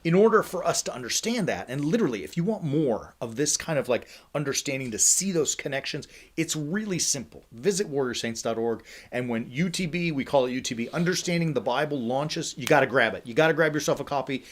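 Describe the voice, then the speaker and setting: Energetic man teaching in a casual, chatty way. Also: medium pitch, brisk, few pauses. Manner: energetic, conversational, with frequent "right?" asides. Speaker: host of a faith ministry livestream.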